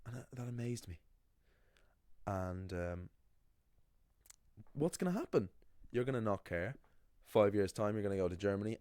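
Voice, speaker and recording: A man's voice: low-pitched, lively intonation, normal speed, long pauses, a little mellow, no room sound, clean studio sound. A young man, a language teacher, talks through an anecdote in a casual, opinionated, rambling way. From Ireland. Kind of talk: casual explanatory video monologue.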